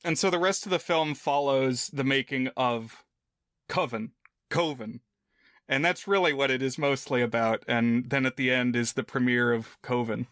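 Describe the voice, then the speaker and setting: A man's voice: medium pitch, steady tone, moderate pace, hardly any pauses, a bit bright, smooth, no echo, clean studio sound. A man co-hosting a film podcast, talking casually and thinking aloud with lots of fillers. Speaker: podcast co-host.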